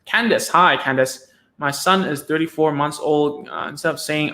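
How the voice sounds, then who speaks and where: A man with a slightly raised pitch hosts a casual live stream, answering parents' questions about speech therapy. He talks loosely, restarting sentences and checking in with "right?" and "okay?" after each point. He sounds like he is at a desk mic indoors. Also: moderate pace, bright, forceful tone.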